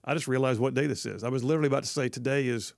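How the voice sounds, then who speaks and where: Gravelly upbeat radio host. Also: male voice, medium pitch, racing, no room sound, studio quality. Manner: upbeat, jokey, rambling with fillers. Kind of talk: conservative talk radio. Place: radio studio. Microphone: studio mic.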